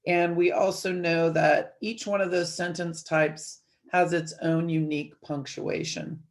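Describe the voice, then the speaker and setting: A woman teacher giving an online grammar lesson from her desk, explaining each step clearly with light playful asides to her students. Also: lowish voice, steady tone, measured pace. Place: at a desk, screen-sharing a worksheet.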